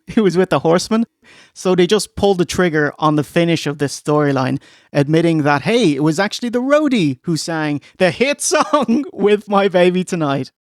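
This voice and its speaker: An Irish man co-hosting a casual wrestling review podcast, animated and fond of doing impressions. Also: fairly high pitch, dry recording, studio quality. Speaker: podcast co-host.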